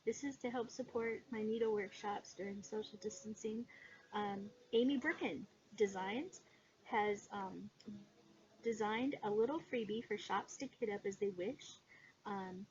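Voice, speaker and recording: A woman chatting casually in a haul video, gushing with excitement and filling pauses with "um". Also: medium pitch. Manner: excitable, gushing, many fillers. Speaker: cross-stitch vlogger. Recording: dull lo-fi sound with background noise.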